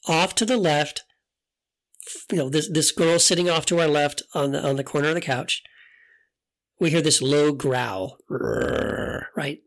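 A man's voice: fairly high pitch, normal speed, pauses often, a bit bright. A middle-aged man hosting a podcast, talking in a casual reflective monologue, hesitant with many restarts, telling stories candidly. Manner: candid storyteller. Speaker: podcast host.

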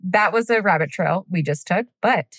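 A woman's voice: on the low side, moderate pace, fairly bright tone, dry recording. A woman co-hosting a podcast, telling a true crime story in a chatty, giggly way, with casual swearing and tangents. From United States.

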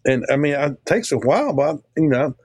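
A man's voice: on the high side, big pitch swings, moderate pace, darkish tone, breathy edge, dry recording. Earnest American man telling a story. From United States. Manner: earnest, emphatic, rambling with restarts. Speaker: guest theologian. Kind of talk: conversational storytelling.

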